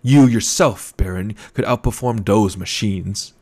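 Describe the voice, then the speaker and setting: A man's voice: lowish voice, unhurried, a little mellow. A man voicing a proud, venomous male advisor who talks in a tense, biting, defensive way.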